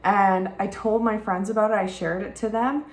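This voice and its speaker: Speaking at a moderate pace in a mid-range voice with fairly even intonation, this young Southern American woman gives candid, rambling vlog talk full of swearing. The recording sounds roomy, made in a rented home room with white walls.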